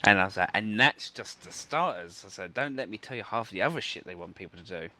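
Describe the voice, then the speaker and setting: Low-pitched male gamer, casual rambling storyteller. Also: animated, fairly quick, bright, forceful tone. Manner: rambling anecdote, many fillers and restarts. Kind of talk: casual chat over gameplay.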